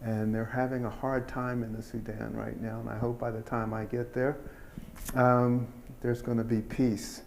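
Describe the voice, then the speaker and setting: An older man giving a keynote speech, telling personal stories in an unhurried, folksy way with pauses and fillers. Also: medium pitch, little pitch movement, gravelly, slight background noise. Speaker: keynote speaker. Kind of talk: storytelling speech.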